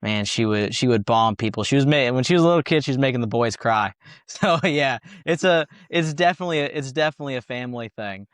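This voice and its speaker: A young man from Texas answers interview questions in a relaxed, chatty way, laughing often as he explains technique. His voice sits at a middle pitch. The recording is dry and close, with no room sound. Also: quick pace, smooth, dry recording. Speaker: guest fighter and coach. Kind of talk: casual interview.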